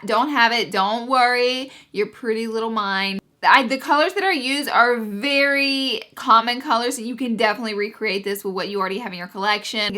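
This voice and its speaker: A woman's voice: on the high side, bright, forceful tone. A young woman chatting through a casual makeup tutorial, bubbly and gushing as she talks. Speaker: beauty YouTuber.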